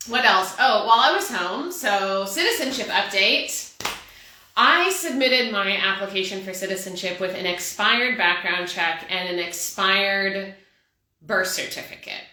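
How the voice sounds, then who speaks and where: A woman from Texas with a faded Texas accent, chatting casually as a podcast host, laughing easily and swinging her pitch up and down. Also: bright, forceful tone, roomy sound. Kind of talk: casual chat.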